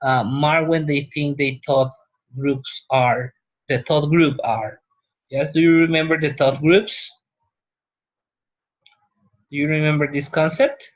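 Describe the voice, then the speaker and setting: A male teacher whose first language is Spanish lectures a class in a classroom, unhurried and pausing, often checking in with "right?". His voice is on the high side with fairly even intonation, in a dull lo-fi classroom recording.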